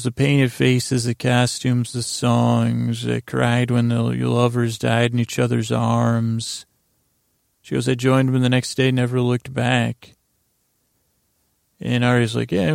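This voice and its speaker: Male podcast host, very gravelly, monotone, rambling recap style, dry booth sound. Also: mid-range voice, no echo. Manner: rambling, reads from notes with restarts. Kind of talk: casual episode recap.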